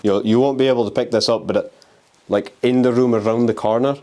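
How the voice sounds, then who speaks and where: A man's voice: medium pitch, steady tone, a little fast, dark tone. A young man vlogging as he explores an abandoned house, talking restlessly and swearing while he taunts the spirits. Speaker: urban explorer and ghost hunter. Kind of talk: handheld exploring vlog. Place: abandoned house on a windy day.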